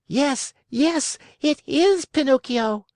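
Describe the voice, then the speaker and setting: A man voicing a crowd of excited wooden puppets shouting with joy. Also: extremely high pitch, slow, dry recording, clean studio sound, pitched above the performer's own voice, heavily acted. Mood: shrieking joy. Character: excited wooden marionettes, shrill and gleeful.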